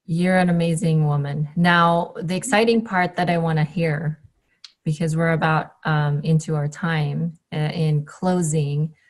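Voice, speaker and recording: Woman hosting a podcast, lowish voice, lots of encouraging little wows and yeahs. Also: fairly even intonation, a little slow. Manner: encouraging, with frequent short affirmations. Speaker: podcast host. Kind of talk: casual podcast interview.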